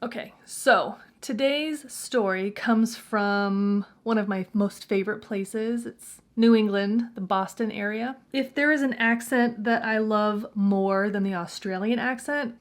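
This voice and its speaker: A woman's voice: medium pitch, measured pace, few pauses. A woman hosting a casual true crime story, chatty and playful with jokey asides.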